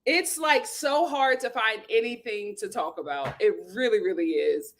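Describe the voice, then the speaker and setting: High-voiced lady chatting on her live stream, sassy and lively, reading comments out loud. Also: moderate pace, few pauses. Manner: lively, sassy, reads viewer comments aloud and greets them. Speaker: host of a live show. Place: home in Los Angeles.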